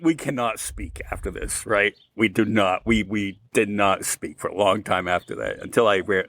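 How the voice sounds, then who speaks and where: A bit of hiss or hum sits under this podcast co-host's low voice as he casually rambles through a long story. He animates the retelling by acting out the quoted dialogue.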